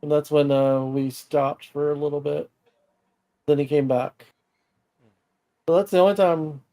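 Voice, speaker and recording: Higher-voiced joking man. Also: fairly even intonation, a little slow, dark tone. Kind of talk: casual chat.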